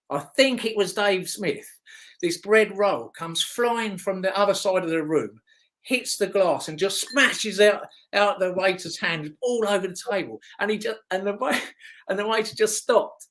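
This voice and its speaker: Speaking at a measured pace in a high, slightly bright voice, a middle-aged man who used to race motocross shares casual anecdotes as an interview guest. He rambles and chats, with restarts and chuckles.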